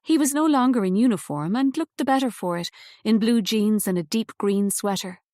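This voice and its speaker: Medium in pitch, this woman's voice reads scripted audiobook narration with an even, measured storytelling manner. The sound is dry and close, studio-recorded with no room sound.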